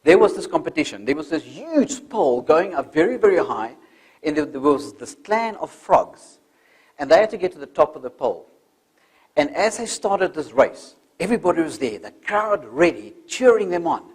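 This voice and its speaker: Animated, husky older man. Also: on the high side, moderate pace. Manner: animated, acts out voices. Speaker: motivational speaker. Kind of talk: storytelling motivational talk.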